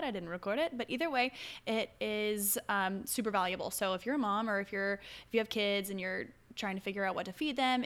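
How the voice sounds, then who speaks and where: A woman's voice: medium pitch, fairly bright tone. Chatty young woman podcast host. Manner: chatty, upbeat, rambling asides. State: hiccuping. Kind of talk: casual solo podcast.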